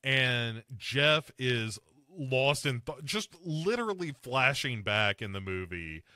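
A man's voice: mid-range voice, animated, takes it slowly, pushed and bright, no echo. A man hosting a podcast, recapping a film scene by scene in casual chat and slipping into mocking voices for the characters. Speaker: podcast host.

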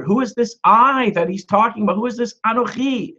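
Gravelly-voiced man preaching a sermon. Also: high voice, moderate pace, a bit bright, lo-fi sound. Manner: conversational preaching, emphatic repeated Hebrew words. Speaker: messianic rabbi preaching. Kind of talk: sermon teaching on scripture.

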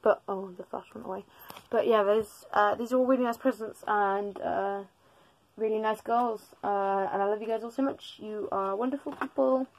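A woman's voice: medium pitch, fairly even intonation, moderate pace. A teenage girl chatting casually in a vlog while opening gifts in her parents' bedroom, rambling and correcting herself with joking asides. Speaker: vlogger.

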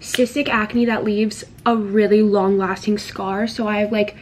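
A woman's voice: medium pitch, little pitch movement, a little slow, a little mellow. A young woman talking casually to the camera in a vlog, chatty and candid, with lots of "like" fillers. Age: young adult. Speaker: vlogger.

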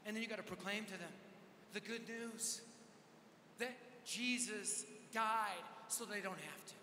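A man preaching at a conference, telling a story with energetic, dramatic swings from loud to hushed. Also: high-pitched, a little slow, a little hiss or hum. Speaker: conference speaker. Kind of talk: storytelling sermon. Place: large hall. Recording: echoey hall with long reverb.

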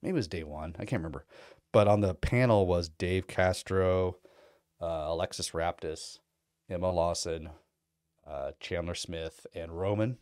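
Low-voiced man rambling casually. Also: unhurried, darkish tone, no echo, clean studio sound. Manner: rambling, profane storytelling with fillers; mimics other people in quoted bits. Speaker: vlogger. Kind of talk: casual chat.

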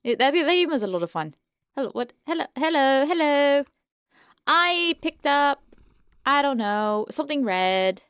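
A woman's voice: high-pitched, very animated, a little slow, fairly bright tone, no echo, clean studio sound. A young woman playing a point-and-click game, chatting casually, reading the game text aloud and humming along. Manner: playful, sings and hums, reads game text aloud. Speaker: gaming streamer. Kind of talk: casual let's-play commentary.

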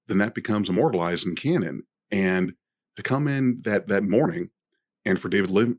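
A man co-hosting a podcast, talking thoughtfully in a halting casual way with frequent restarts. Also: deep voice. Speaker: podcast co-host.

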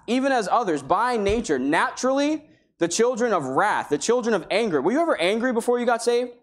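A man's voice: sits high, big pitch swings, moderate pace. A man preaching a sermon in an earnest, conversational way, weaving in King James Bible quotations.

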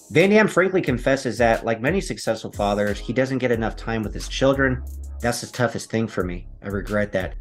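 A man hosting a video, reading a magazine article aloud and breaking off into relaxed, chatty asides. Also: on the low side. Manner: laid-back, chatty asides between read passages. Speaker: video host.

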